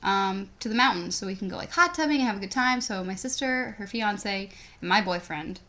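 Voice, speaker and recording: A teenage girl co-hosting a podcast rambles through a story, saying "like" constantly. Her medium-pitched voice is animated, pushed and bright, and she talks a little fast.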